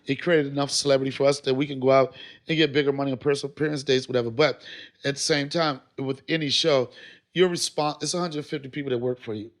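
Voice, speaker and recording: A man telling stories in a casual podcast chat, animated and swearing freely. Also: mid-range voice, fast talker. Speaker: podcast guest, former TV sketch actor.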